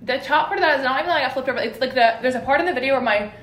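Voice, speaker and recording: A young woman co-hosting a podcast in casual chat, telling stories in an animated, rambling way full of "like". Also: high-pitched, very fast, slight background noise. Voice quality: rambling and animated, heavy "like" filler. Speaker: podcast co-host. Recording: echoey room.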